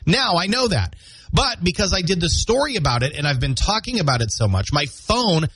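A man's voice: high-pitched, brisk, husky, no room sound. A man hosting a morning radio show, chatting casually and jokingly between weather, ads and funny posts from a small studio. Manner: chatty, jokey, animated delivery.

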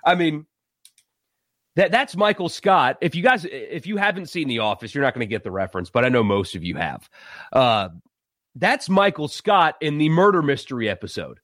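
Animated sports talk host. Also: male voice, a little high, moderate pace, no echo, studio quality. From South Carolina. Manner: animated, exasperated, laughs and sighs. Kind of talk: casual live-stream commentary.

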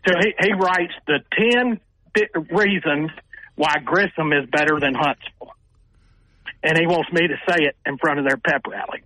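An older man, a sportswriter telling animated stories as a radio guest and acting out what people said. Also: a little high, moderate pace, no room sound, low-quality recording. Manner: animated storyteller who acts out quotes with raised voices. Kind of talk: radio interview storytelling.

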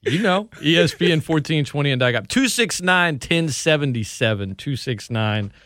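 A man, a radio sports host chatting loudly and lively at a studio microphone, laughing often. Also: fairly high pitch, moderate pace, dry recording. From Louisiana. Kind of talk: casual radio banter.

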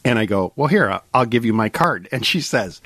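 A middle-aged man hosting a casual talk show, telling a story with lively acted-out quotes. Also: medium pitch, fairly quick, no room sound, clean studio sound. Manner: animated storyteller, acts out quotes.

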